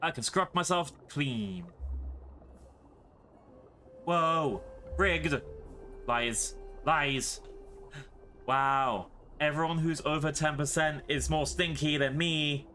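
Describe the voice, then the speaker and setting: Bright-voiced playful British man. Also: on the high side, slow, long pauses, soft background music. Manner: playful, chatty, talks to chat. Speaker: streamer. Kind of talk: casual live game streaming.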